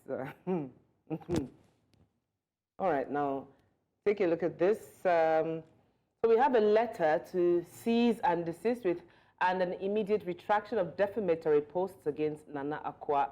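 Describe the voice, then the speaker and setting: Lady cohost on tv, slightly low voice, teasing and playful. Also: moderate pace, dark tone. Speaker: talk show co-host. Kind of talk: studio talk show hosting.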